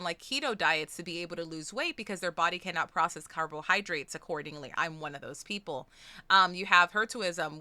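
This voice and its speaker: Young woman, streamer, very bright tone, dry close sound, casual excitable chat, swears freely. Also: lowish voice, no echo. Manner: excitable, swears freely, swings from chatty to squealing. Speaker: streamer hosting a charity stream.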